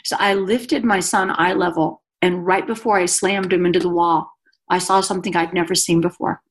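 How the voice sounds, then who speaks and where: A woman's voice: on the low side, fairly even intonation, moderate pace. A woman guest giving an earnest, emotional personal testimony in conversation, a mother speaking about her life. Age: adult mother.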